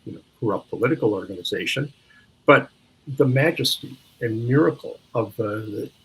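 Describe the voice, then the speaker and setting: Husky older man telling stories haltingly. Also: mid-range voice, expressive, rough recording. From Minneapolis, USA. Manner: halting, searching for words with frequent restarts. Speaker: interview guest. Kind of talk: reflective storytelling.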